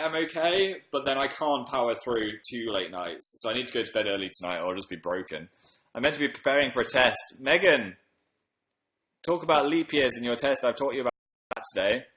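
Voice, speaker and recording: A man's voice: mid-range voice, a bit bright, echoey room, poor audio. A man hosting a casual livestream from a room at home, tired after a late night, chatting and reading out comments with upbeat bursts. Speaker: livestream host.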